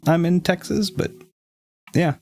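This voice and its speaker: A man's voice: high voice, measured pace, gravelly, a little mellow, faint music behind. A man with a fairly neutral American accent, streaming a game and chatting casually with viewers in a rambling, self-correcting way. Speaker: let's play streamer. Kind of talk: casual chat with viewers while gaming.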